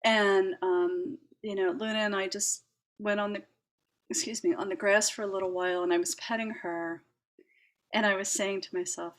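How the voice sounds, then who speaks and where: A woman hosting a reflective talk in a gentle manner, with a mid-range voice. She laughs softly, uses fillers and restarts her sentences as she thinks aloud. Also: mid-range voice, moderate pace. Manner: gentle, warm-hearted, laughs often, many fillers and restarts. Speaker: host.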